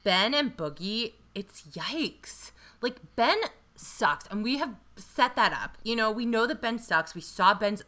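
A woman co-hosting a casual show recap, animated and swearing freely with quick asides. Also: fairly high pitch. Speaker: podcast co-host.

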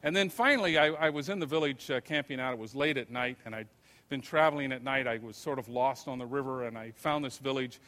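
An older man giving a lecture, telling stories in an unhurried, conversational way. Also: mid-range voice, pushed and bright. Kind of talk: anecdotal lecture. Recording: long reverb of a lecture hall.

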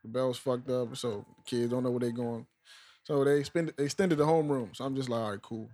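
Slangy young man telling stories fast. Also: medium pitch, steady tone. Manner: slangy, storytelling, drops to hushed voice for quotes. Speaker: podcast co-host, new teacher. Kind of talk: casual chat.

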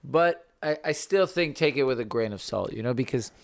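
A man's voice: medium pitch, expressive, fairly quick, gravelly, no echo. A man co-hosting a casual podcast, wry and laid-back, joking with his co-host.

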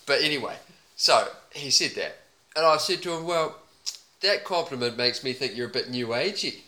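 A man putting on a crude, laid-back bloke character with a broad put-on Australian accent, talking in a low, deadpan, rambling way. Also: moderate pace. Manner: deadpan, rambling, swears a lot. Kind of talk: improvised comedy character.

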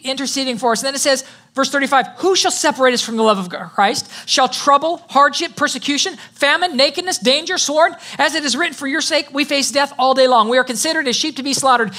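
A high-pitched, bright-toned pastor preaching with punch and rhythm. The voice rises on declarations, calls for the congregation's response, then reads scripture aloud. It eases into a softer, lower register for personal reflection. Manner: emphatic preaching with call-and-response. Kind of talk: sermon.

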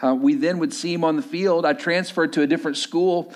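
A man in his thirties, a pastor preaching a sermon in a relaxed, conversational way, telling stories and often filling pauses with "uh". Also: on the high side. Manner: conversational storytelling, many filler "uh"s.

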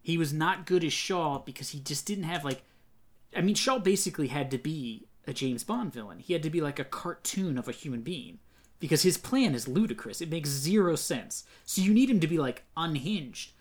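A man's voice: a little high, expressive, moderate pace. A man co-hosting a comic book podcast in casual chat, opinionated and rambling, full of "like". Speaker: podcast co-host.

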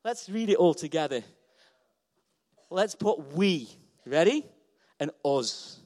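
A man delivers a sermon to a church hall, with a fairly high pitch for a man. He talks with passion and repeats his phrases for emphasis. His voice swells loud and then drops soft. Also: animated, normal speed. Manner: passionate, rising and falling in volume, repeats phrases. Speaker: pastor.

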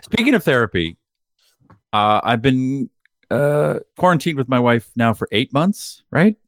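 A man's voice: medium pitch, sing-song, a little slow, a bit bright, no room sound, studio quality. A middle-aged man co-hosting a podcast, telling candid stories in casual chat and swearing freely. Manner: candid, profane storytelling. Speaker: podcast co-host.

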